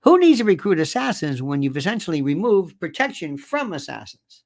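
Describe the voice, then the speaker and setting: Gravelly, animated male commentator. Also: fairly high pitch, brisk. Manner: sarcastic, emphatic, incredulous outbursts. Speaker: political commentary host. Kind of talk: opinion commentary rant.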